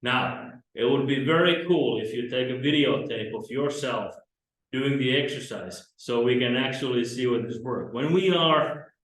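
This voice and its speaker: A man, teaching self-defense drills to camera in slow, halting instruction. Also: medium pitch, fairly bright tone. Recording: very echoey training room.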